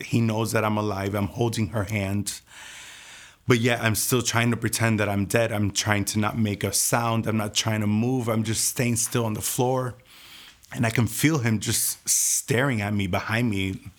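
A young man telling his personal testimony in a hushed, intense way, his voice often dropping almost to a whisper. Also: on the low side. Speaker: testimony speaker.

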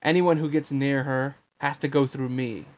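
A man's voice: mid-range voice, fairly even intonation, normal speed, close to an everyday voice. A resentful teenage swordsman in a storybook reading, cold and taunting, his words edged with bitterness, as a man reads him. The voice stays close to a plain adult male reading voice. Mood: bitter, taunting.

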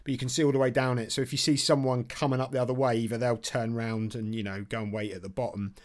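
A man's voice: mid-range voice, level tone, quick pace. A man co-hosting a podcast in a chatty, jokey way, laughing often. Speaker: podcast co-host. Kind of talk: casual chat.

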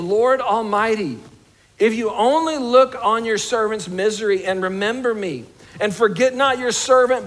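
A man preaching a sermon to a congregation, conversational and humorous, slowing down and dropping soft for emphasis. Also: sits high. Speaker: pastor.

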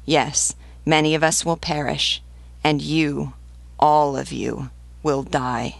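Solemn pleading priest, read by a woman, slow measured speech, gravelly edge, dry close sound, storybook reading. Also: low-pitched, flat delivery, no echo, full character voice. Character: stern male revolutionary priest pleading.

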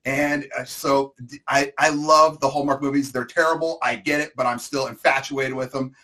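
A man's voice: mid-range voice, level tone, normal speed, bright, forceful tone. A middle-aged man co-hosting a casual chat, telling a long comic story with exaggerations and asides. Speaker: co-host.

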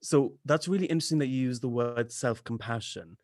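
A man interviewing a guest, relaxed and attentive, asking short follow-up questions. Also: mid-range voice, brisk, no echo, studio quality. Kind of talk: casual interview talk.

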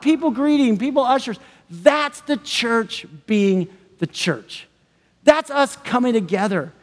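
A male pastor, preaching a sermon in an enthusiastic, chatty way with frequent laughs. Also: high voice. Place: large church hall. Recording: long church-hall reverb.

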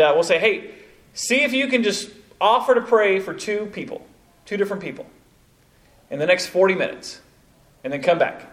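A man leading a church evangelism training session, telling stories with many asides to a live group. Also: a little high. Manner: storytelling, animated, many asides like "you know, kind of thing". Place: church meeting room with a live audience.

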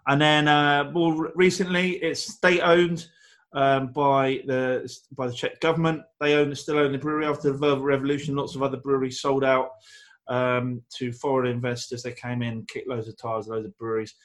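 A man's voice: medium pitch, flat delivery, moderate pace. A man co-hosting a casual beer-tasting chat, rambling and enthusiastic, with frequent restarts and fillers. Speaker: podcast co-host.

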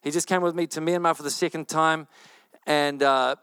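A man preaching a sermon as a pastor, telling a story in an animated way, often repeating phrases and rushing through quoted speech. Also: fairly high pitch, clear, resonant tone, no echo.

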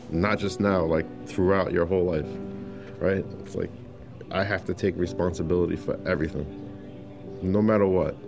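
A man telling his personal story in casual testimony, acting out quotes with lots of fillers, over faint music. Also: deep voice. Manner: animated storyteller who acts out quotes, many fillers. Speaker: interviewee sharing his story.

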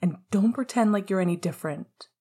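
A woman's voice: mid-range voice, brisk, mellow, slightly rough, lightly acted. A woman doing a heartbroken, pleading young man. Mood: desperate. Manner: pleading, raw.

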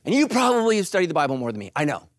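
A middle-aged man preaching a sermon, animated and joking, acting out quoted voices. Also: on the high side, rapid-fire. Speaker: pastor.

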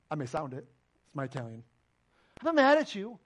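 A man's voice: fairly high pitch, huge pitch swings, brisk. A man preaching a sermon as pastor, emphatic and full of direct questions to the congregation. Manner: emphatic, preaching with rising and falling intensity.

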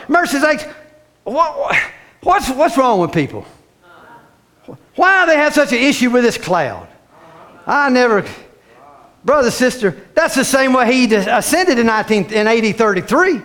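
A man preaching a fervent sermon, repeating phrases and rising to shouts. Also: extremely high pitch, animated, normal speed.

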